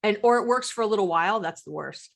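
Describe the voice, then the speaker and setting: Middle-aged woman psychologist on a podcast, animated, acts out couples' lines. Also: mid-range voice, quick pace, creaky. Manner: animated, acts out quoted partners. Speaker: psychologist guest. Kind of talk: podcast interview talk.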